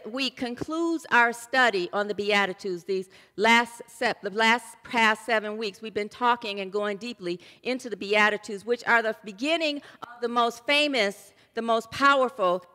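A woman pastor giving a sermon in a church, chatty and loose, often restarting her sentences. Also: a little high. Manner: warm conversational preaching with loose restarts. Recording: long hall reverb.

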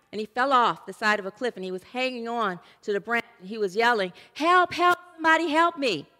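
Bright-voiced woman pastor preaching in a hall. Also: mid-range voice. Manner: warm conversational preaching with loose restarts. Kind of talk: sermon. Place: church. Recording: long hall reverb.

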